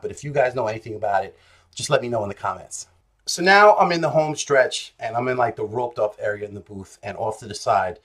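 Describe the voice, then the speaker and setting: A young man chatting to camera in a casual vlog. He tells his story in an animated, jokey way, with his pitch sitting right in the middle for a man. He jumps between loud, excited bursts and quiet asides. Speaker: vlogger.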